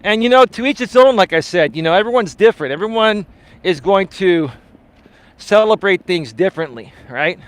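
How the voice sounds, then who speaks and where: A man's voice: high-pitched, animated, normal speed. A middle-aged man hosting a live coaching stream, chatting casually and telling rambling, profane stories. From Greek-American community. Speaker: life coach, live show host.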